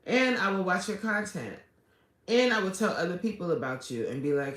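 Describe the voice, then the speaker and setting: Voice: medium pitch, animated, a little fast, a bit bright. An adult livestreamer chatting casually with viewers, greeting them by name and pleading for subscribers. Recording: echoey room.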